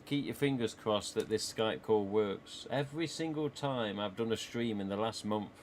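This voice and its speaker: A man's voice: fairly low pitch, moderate pace, slight background noise. A man with an English East Midlands accent, live streaming from a small home office and chatting casually with viewers in a rambling way, laughing often.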